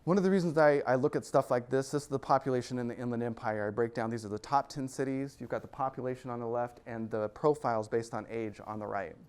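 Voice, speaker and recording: A man speaking at an investor club, giving an energetic presentation to a live audience and joking as he goes. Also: mid-range voice, fast, few pauses, clean tone. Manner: energetic and joking, laughs between points.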